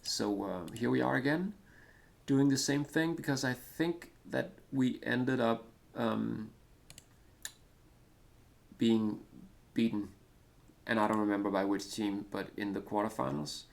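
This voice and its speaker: Unhurried and creaky, his mid-range voice carries loose let's-play commentary on a retro football management game. He's a Danish man from Denmark, Danish being his first language, and this gaming commentator rambles, hesitates, fills gaps and pokes fun at himself.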